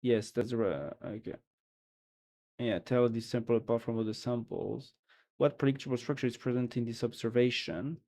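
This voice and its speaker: A man hosting a live stream, reading out dense technical notes at an ordinary middle pitch. He muses as he goes, restarting phrases and trailing off with offhand asides. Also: moderate pace, dark tone. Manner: thinks aloud, restarts, trails off with "or whatever". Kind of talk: casual live-stream commentary, reading aloud.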